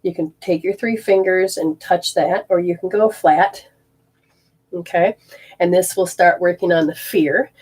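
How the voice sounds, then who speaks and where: A woman's voice: fairly low pitch, measured pace, darkish tone, slightly rough. A woman leading a live energy healing session, rambling and often breaking off mid-sentence as she walks through hands-on techniques. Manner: rambling, self-interrupting, explains hands-on techniques. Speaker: energy healer.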